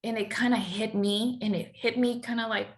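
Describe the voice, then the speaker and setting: A woman's voice: on the high side, fairly even intonation, normal speed. A middle-aged woman from Nicaragua, a guest entrepreneur, telling her personal story in an interview, laughing often and acting out dialogue.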